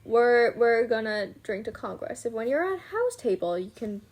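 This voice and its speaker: A woman's voice: fairly high pitch, sing-song, moderate pace, a little mellow, slight background noise. A woman doing a stern general. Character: stern general, man, proud of his table.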